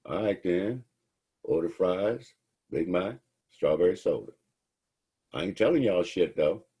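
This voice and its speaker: A man's voice: deep voice, expressive, unhurried, mellow, slightly rough, exaggerated voice. A man voicing a defiant young male suspect in police custody, who talks in slang. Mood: grudging.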